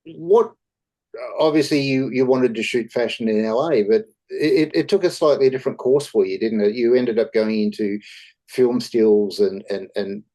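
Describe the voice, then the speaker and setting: A man's voice: mid-range voice, normal speed, mellow. A man hosting a casual interview, asking questions and backing his guest with frequent short agreements. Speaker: interviewer host.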